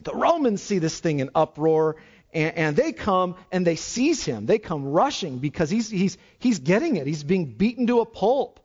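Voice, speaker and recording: A man's voice: big pitch swings, moderate pace, slightly rough. Dramatic male preacher, lo-fi sound. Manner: dramatic, swings between loud exclamations and hushed low passages. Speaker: pastor. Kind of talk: sermon.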